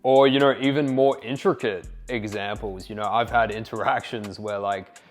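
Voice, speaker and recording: Young male dating coach, low voice, casual slangy delivery over faint music. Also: moderate pace. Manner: relaxed, slangy, sprinkled with "like" and "you know". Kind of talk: casual instructional monologue.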